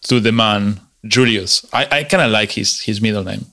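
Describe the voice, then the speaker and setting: A man's voice: lowish voice, moderate pace, sharp tone. Hesitant man thinking aloud. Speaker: podcast co-host. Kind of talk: casual chat.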